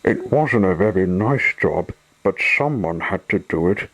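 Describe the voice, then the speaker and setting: A man reading a children's storybook aloud in an unhurried, expressive way. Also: low voice, husky, lo-fi sound.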